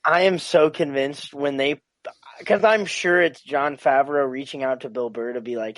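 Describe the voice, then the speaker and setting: An excitable young man chats on a podcast in loose slang, piling up fillers as he gets going. His pitch is ordinary. The sound is dry and close to the mic. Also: moderate pace, no room sound. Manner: excitable, slangy, says "like" and "bro" a lot. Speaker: podcast guest. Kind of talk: casual podcast chat.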